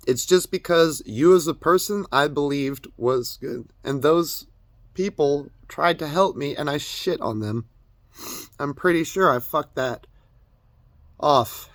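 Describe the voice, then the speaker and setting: Man, young adult, crying, stammering, profane, rambling confession, gravelly voice, dry close sound. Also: a little high, fairly bright tone, no room sound. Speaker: vlogger. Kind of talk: emotional personal confession.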